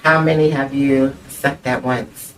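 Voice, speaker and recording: An upbeat talk show host leads a playful round of questions in a casual interview chat, teasing her guest and giggling between lines. Her mid-pitched voice is steady, fairly bright, and a little slow. She sounds slightly distant from the mic, with faint noise underneath.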